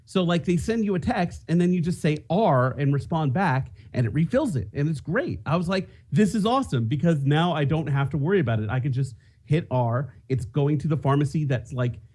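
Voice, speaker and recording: A man's voice: fairly high pitch, expressive, fairly quick, a little mellow. A man co-hosting a podcast, telling a self-mocking story in casual chat. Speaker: podcast co-host.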